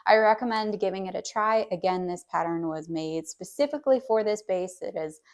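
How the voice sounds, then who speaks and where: A woman knitwear designer chatting casually about her new pattern, relaxed and a little hesitant. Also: medium pitch, fairly quick. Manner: chatty, hesitant with many ums. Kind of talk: casual vlog chat.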